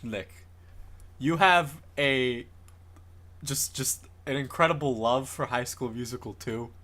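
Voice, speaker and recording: A man's voice: medium pitch, slow pace, pushed and bright. A man hosting a podcast, opening the show and asking the guest questions in a playful, rambling way. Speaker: podcast host. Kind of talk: casual podcast chat.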